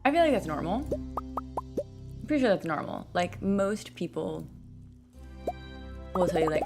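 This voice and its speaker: A young woman streaming a game, chatting casually and rambling with lots of fillers and restarts, speaking into a desk mic on a boom arm. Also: big pitch swings, moderate pace, pauses often. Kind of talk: casual gaming stream chat. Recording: game music playing clearly behind.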